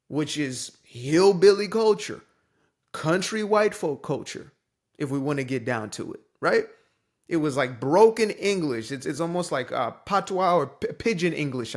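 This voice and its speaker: Emphatic young man with a higher voice. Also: gravelly. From San Francisco Bay Area. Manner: emphatic, preachy, conversational. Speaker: commentator. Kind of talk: casual opinion monologue.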